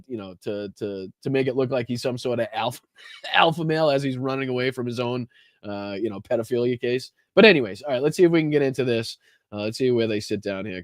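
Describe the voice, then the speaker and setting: A sarcastic man with a Boston accent riffs through a casual political podcast, laughing often and swearing freely. His voice sits in a middle pitch with a dry, close sound. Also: no echo. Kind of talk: casual commentary reacting to a video.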